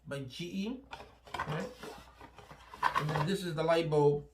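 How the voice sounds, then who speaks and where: A channel host with a slightly high voice talks slowly through a casual product review, frequently checking in with "right?" and restarting his phrases. The room is echoey and the background noisy.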